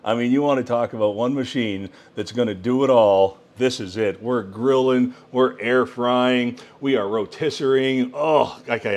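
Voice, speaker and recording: A man hosting a cooking vlog, demonstrating a kitchen appliance at home with excited exclamations and frequent laughs. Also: mid-range voice, normal speed, hardly any pauses. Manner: enthusiastic, exclamatory, laughing often. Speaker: cooking channel host. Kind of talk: product demo cooking vlog.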